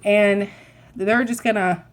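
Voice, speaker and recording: A young woman chatting to camera, telling a rambling, animated story full of asides and self-corrections. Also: medium pitch, slow pace. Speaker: vlogger.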